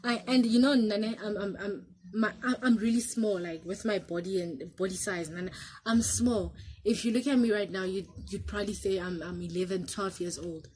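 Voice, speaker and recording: A South African woman vlogger casually telling a story to camera, animated and switching between English and local languages. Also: medium pitch, moderate pace, a little hiss or hum.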